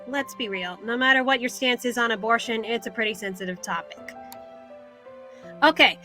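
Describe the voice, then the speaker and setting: A woman's voice: fairly high pitch, normal speed, pushed and bright, faint music behind. An American woman hosting a podcast in a chatty, self-deprecating casual manner. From United States. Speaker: podcast host. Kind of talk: casual solo podcast talk.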